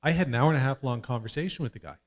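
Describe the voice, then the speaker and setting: A man's voice: mid-range voice, rapid-fire. A man from Canada telling a self-mocking anecdote on a conference panel, acting out the voices of people he quotes. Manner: lively, self-mocking, acts out quoted dialogue. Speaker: panelist, film producer.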